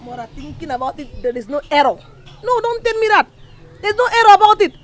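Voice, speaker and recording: A woman's voice: very high voice, very animated, fast. An actress with a Nigerian accent playing a headstrong, quarrelsome young village woman who slips into Pidgin. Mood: arguing. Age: young adult. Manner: quarrelsome, defiant, mixes Pidgin. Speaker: troublesome village daughter. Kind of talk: Nollywood film drama.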